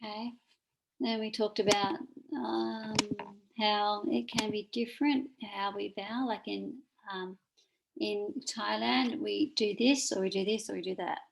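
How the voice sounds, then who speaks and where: An Australian woman gives an informal recorded lecture, pointing at slides as she goes. Her voice has a gravelly fry at the edges. A faint noise sits under the recording. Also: medium pitch, fairly even intonation, unhurried. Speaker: teacher.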